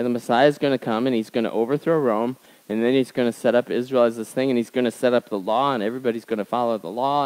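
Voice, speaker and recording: A man's voice: brisk, rough recording. Man preaching in a conversational style. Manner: conversational storytelling, swinging between emphatic highs and quiet asides. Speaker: pastor. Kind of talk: sermon.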